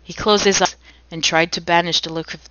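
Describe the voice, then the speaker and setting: Reading a novel on her podcast, a co-host speaks briskly in a fairly low, steady, slightly bright voice. She acts out quoted lines, throws in jokes and stops to laugh, and the dry recording sounds dull.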